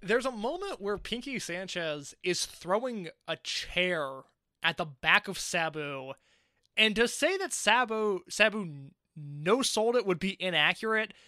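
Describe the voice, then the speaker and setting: A man's voice: high-pitched, animated, unhurried, pushed and bright, dry recording, clean studio sound. A man co-hosting a casual wrestling review podcast, opinionated and wry. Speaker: podcast co-host.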